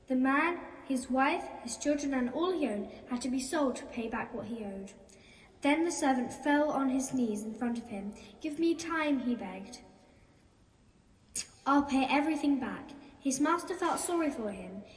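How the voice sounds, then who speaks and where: A woman's voice: on the high side, a little hiss or hum. Woman reading scripture in an echoey church. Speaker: Bible reader. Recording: echoey church hall, distant mic.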